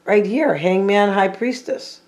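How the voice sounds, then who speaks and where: A casual tarot reader talks straight to the viewers, musing over each card as it turns up. The voice sits at an ordinary middle pitch, loose and chatty, often circling back with "I feel like". Now and then it slips in teasing little jokes for the audience. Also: measured pace. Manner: chatty, thinking aloud, repeats and hedges with "I feel like"; playful, teasing asides to the audience.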